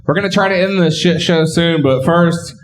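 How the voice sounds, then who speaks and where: A man's voice: fairly high pitch, moderate pace, reverberant, very noisy. A man emceeing a live comedy show in a basement venue, bringing up the next comic. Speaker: host.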